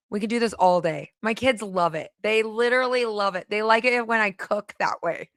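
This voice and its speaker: A woman hosts a casual livestream, chatty and excitable, and laughs often. Her voice is smooth and clean at a middle pitch, and the recording is close and dry. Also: normal speed, few pauses, no room sound. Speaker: livestream host.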